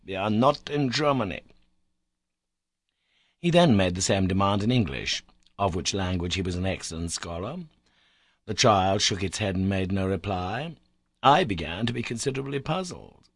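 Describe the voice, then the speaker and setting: A man narrating a classic novel in the first person, measured and expressive. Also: lowish voice, vocal fry, no room sound, clean studio sound. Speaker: audiobook narrator.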